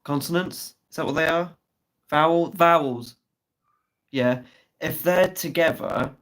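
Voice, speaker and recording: A man's voice: on the high side, unhurried, a bit bright, low-quality recording. Chatty man hosting a live stream. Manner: swears casually, chatty and teasing. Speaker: livestream host. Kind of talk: casual live chat reading comments.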